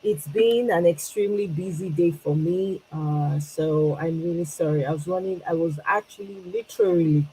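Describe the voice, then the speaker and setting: A woman's voice: sits low, moderate pace, hardly any pauses, mellow, slight background noise, poor audio. A Nigerian woman hosting a casual livestream, greeting viewers by name and switching between English and Pidgin with frequent laughs. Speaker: livestream host.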